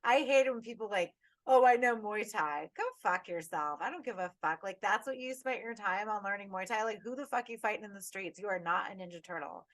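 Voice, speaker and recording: A woman co-hosting a casual horror podcast, ranting with lots of swearing in an animated, tipsy way. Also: medium pitch, fast, hardly any pauses, no echo. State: tipsy and tired. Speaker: podcast co-host.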